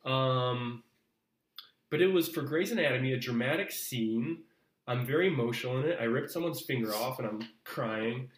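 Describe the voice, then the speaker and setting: A man's voice: medium pitch, normal speed. A man who is an actor, telling an anecdote in a casual podcast chat and acting out his own reactions. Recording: roomy echo.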